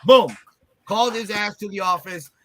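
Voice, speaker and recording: A man's voice: high-pitched, normal speed, sharp tone. An older man from Newark, New Jersey, co-hosting a casual podcast, blunt and reflective, often affirming his partner. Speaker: podcast co-host. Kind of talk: casual conversational chat. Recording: clearly noisy recording.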